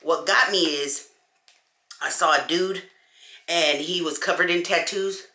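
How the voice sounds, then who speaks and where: A woman chats to camera in an animated, conversational way, calling her viewers y'all. Her voice sits a little low but sounds bright and forceful. The room is echoey around her. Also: unhurried. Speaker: beauty vlogger. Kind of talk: casual chat to camera.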